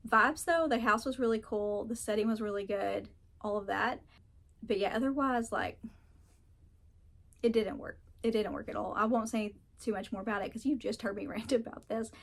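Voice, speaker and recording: A woman's voice: on the high side, moderate pace. A woman reviewing books in casual chat, frank and ranting, laughing often and swearing now and then. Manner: animated, mocks characters in put-on voices. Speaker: book reviewer.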